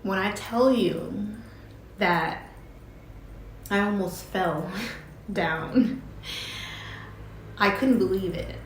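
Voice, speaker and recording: A woman's voice: mid-range voice, drawn-out words, long pauses, a little hiss or hum. A woman casually telling a personal story, chatty and often laughing as she recounts conversations. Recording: roomy echo with faint ambience.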